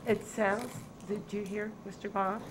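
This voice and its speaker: A woman board member debating at a public town meeting, questioning and quick to object. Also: medium pitch, steady tone. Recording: noisy meeting room recording.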